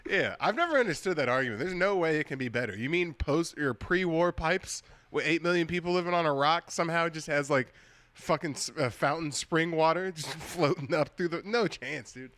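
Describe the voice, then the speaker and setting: A man's voice: fairly high pitch, fairly quick, a bit bright, dry recording. A man co-hosting a comedy podcast, chatting casually and making crude jokes. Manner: crude, joking. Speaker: podcast co-host.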